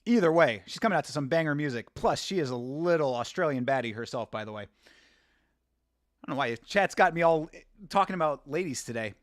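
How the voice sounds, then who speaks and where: A man's voice: on the high side, lively intonation, moderate pace, no echo, studio quality. A man hosting a live watch-along stream, chatting casually, rambling and laughing as he reads from chat.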